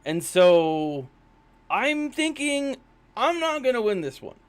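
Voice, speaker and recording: A man's voice: extremely high pitch, big pitch swings, slow pace, clear, resonant tone. A man casually commenting on a mobile game during a live stream, rambling and self-deprecating, with lots of fillers. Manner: chatty, rambling, with many fillers.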